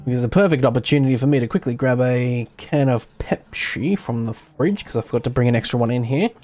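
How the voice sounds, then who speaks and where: A man's voice: mid-range voice, fast talker, darkish tone. A man streaming a video game, thinking aloud in casual, self-mocking commentary.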